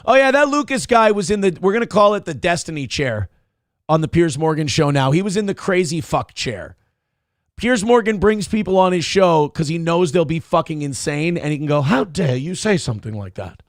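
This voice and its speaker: A man hosting a morning show, chatting in a rambling, profane, animated way and reading out viewers' messages. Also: on the high side, moderate pace, no echo, clean studio sound. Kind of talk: casual livestream chat.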